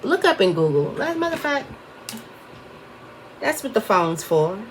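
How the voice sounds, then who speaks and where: A woman's voice: mid-range voice, sing-song, moderate pace, slight background noise. A woman giving a casual tarot reading, chatty and wandering off topic as she talks to her viewers. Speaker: tarot reader.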